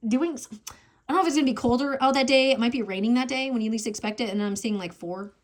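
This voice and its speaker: A woman's voice: a little high, very fast. A woman giving a casual collective tarot reading, chatting, thinking aloud and exclaiming over the cards as she goes. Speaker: tarot reader.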